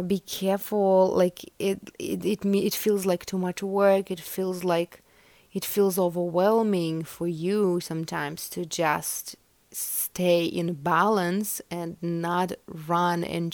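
A woman's voice: lowish voice, no room sound. A young woman hosting a podcast, chatting casually and giving a collective tarot reading, meandering with many fillers. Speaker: podcast host.

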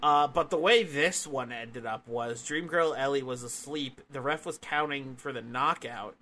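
Dude hosting a wrestling podcast, bright voice, mid pitch, relaxed play-by-play with lots of uhs. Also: male voice, moderate pace. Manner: relaxed, filler-heavy play-by-play. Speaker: podcast host. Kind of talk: casual wrestling review chat.

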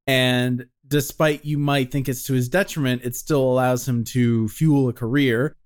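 A man's voice: medium pitch, steady tone, a little slow. Opinionated man swearing in casual chat. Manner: opinionated, swears freely, talks in long runs. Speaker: podcast co-host.

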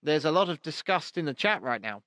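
A man's voice: fairly high pitch, very animated, brisk, a bit bright, no room sound. Dry, stammering man on a close mic. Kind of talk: casual chat.

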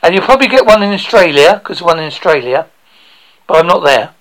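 Gravelly-voiced Devon man hosting. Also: sits high, animated, fairly quick, fairly bright tone, low-quality recording. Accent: Devon English. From England. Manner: joking, chatty storyteller. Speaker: radio show host. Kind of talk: casual interview chat.

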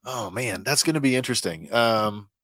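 A man's voice: medium pitch, moderate pace, fairly bright tone, no room sound. A man co-hosting a casual pop-culture show, reacting and joking as he talks. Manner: reactive and joking, laughs and exclaims. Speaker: co-host. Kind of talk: casual chat about comic and pop news.

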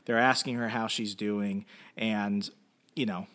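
A man's voice: on the low side, fairly even intonation, unhurried, a bit bright. A man hosting a comic book podcast, retelling and reviewing an issue in a casual, chatty way full of fillers and asides.

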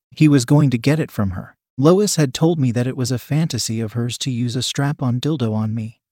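A man's voice: medium pitch, a little mellow, no room sound. Man narrating, dry and close. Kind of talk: first-person story narration.

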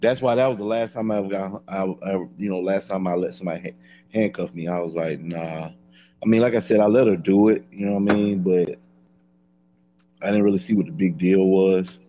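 A man's voice: deep voice, fairly even intonation, a little fast, mellow, highs cut off, a little hiss or hum. A man in casual podcast chat, blunt and profane, telling his story dryly. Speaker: podcast co-host.

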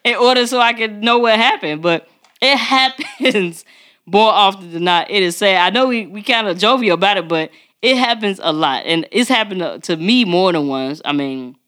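A woman's voice: medium pitch, animated, normal speed, fairly bright tone. A woman co-hosting a podcast in casual chat, blunt and profane, laughing often and acting out what others said. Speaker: podcast co-host.

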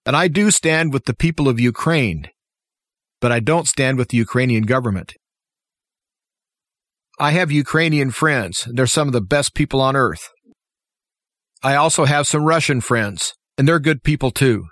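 A man's voice: medium pitch, normal speed, long pauses, fairly bright tone, no echo, studio quality. A man giving an impassioned, opinionated political commentary monologue as a talk show host, full of rhetorical questions. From United States.

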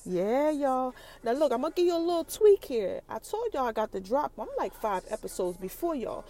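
A woman hosting a podcast, recapping a TV episode in an animated, chatty way and talking straight to her listeners. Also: high-pitched, fairly quick, hardly any pauses, low-quality recording. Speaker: podcast host.

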